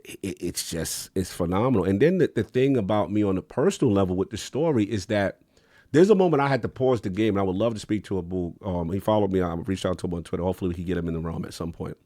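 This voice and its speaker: A man co-hosting a gaming podcast in casual, slangy chat, acting out quotes with big jumps in pitch. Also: quick pace, warm tone, dry recording, clean studio sound. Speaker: podcast co-host.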